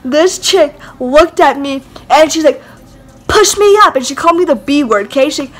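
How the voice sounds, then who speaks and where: A woman's voice: sits high, normal speed. A young woman vlogger telling a rambling story in casual chat, full of "like" and "whatever". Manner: rambling, heavy use of "like" and "whatever".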